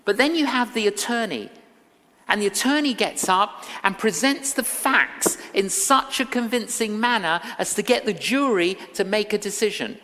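A woman evangelist delivers a sermon in a storytelling way, slipping into the voices of the people in her anecdotes. Her voice sits at a middle pitch and carries a long reverb from a large hall. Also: expressive, moderate pace, fairly bright tone. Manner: storytelling, acting out quoted lines.

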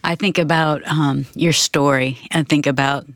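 Woman host with some gravel in her voice, slow and reflective, dry sound. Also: sits low, fairly even intonation, a bit bright, no echo. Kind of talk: reflective conversation.

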